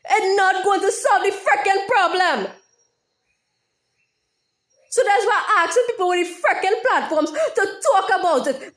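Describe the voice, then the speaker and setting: A woman's voice: very high voice, fairly bright tone. A woman YouTuber speaking in an impassioned monologue, heated and profane, repeating her phrases over and over.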